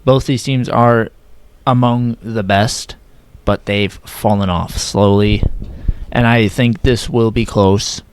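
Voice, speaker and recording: A young man casually running through his weekly football picks, correcting himself as he goes and sometimes talking in a flat, robotic way. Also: fairly low pitch, slow pace, clear, resonant tone. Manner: casual, self-correcting, slightly flat delivery. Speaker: sports predictions vlogger. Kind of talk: casual sports picks talk.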